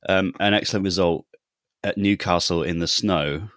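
A man co-hosting a podcast, jokey and quick to laugh. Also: low-pitched, steady tone, fairly bright tone, no echo, studio quality. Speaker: podcast co-host. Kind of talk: casual chat.

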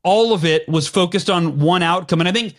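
A man speaking as a guest in an interview, telling a personal story earnestly and with firm conviction, clearing his throat now and then. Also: high voice, fairly quick. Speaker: podcast guest.

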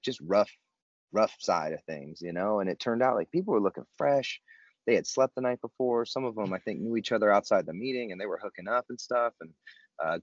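Deep-voiced man telling a story, laid-back. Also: no echo, muffled recording. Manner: laid-back, slangy, self-mocking humor. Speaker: guest telling his recovery story. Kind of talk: casual storytelling chat.

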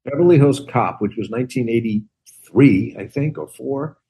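A man's voice: mid-range voice, normal speed. A man in his sixties, a comedian and actor, chatting casually and acting out the back-and-forth of his stories. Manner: animated storytelling, acts out quoted exchanges. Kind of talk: casual chat.

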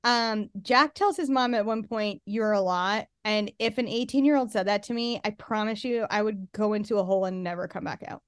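A woman's voice: medium pitch, normal speed, hardly any pauses, clean tone, dry recording, studio quality. A woman co-hosting a podcast, chatting casually and sarcastically, often acting out quotes. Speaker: podcast co-host. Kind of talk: casual chat recapping a reality show.

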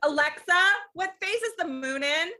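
A woman's voice: very high-pitched, animated, moderate pace, pushed and bright. A woman co-hosting a podcast, ranting casually and swearing a lot. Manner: profane, ranting. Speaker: podcast co-host. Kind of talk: casual chat.

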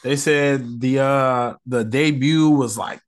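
A man's voice: mid-range voice, takes it slowly. A man hosting a casual solo podcast, rambling in slang and sounding irritated. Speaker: podcast host.

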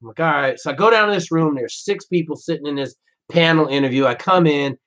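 Speaking fast in a voice on the high side, a former Navy SEAL guest rattles off profane, brash stories. His casual storytelling is animated, and the podcast sound is dull and lo-fi.

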